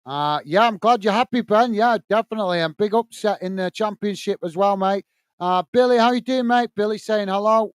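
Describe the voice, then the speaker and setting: A British man runs a football watchalong stream in loose, rambling chat and reads viewer comments aloud. His voice sits fairly high and sounds smooth and clear. The sound is dry and close. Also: a little fast, no room sound. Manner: rambling, exasperated muttering about tech trouble.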